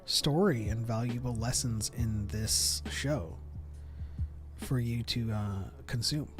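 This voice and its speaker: A man's voice: mid-range voice, takes it slowly, music in the background. A man hosting a casual live podcast chat, rambling with lots of fillers. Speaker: podcast host.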